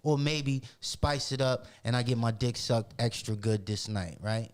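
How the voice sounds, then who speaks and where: A man from Boston, a podcast guest telling a story in casual chat, animated and profane, acting out the voices of others. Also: mid-range voice, a little slow. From Boston, Massachusetts.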